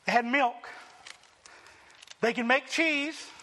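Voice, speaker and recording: A male pastor delivers an animated sermon in a strikingly high, bright voice. He slips into mocking voices for the people he quotes. His words ring out with the long reverb of a large hall. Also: takes it slowly. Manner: animated preaching, acts out quoted complainers.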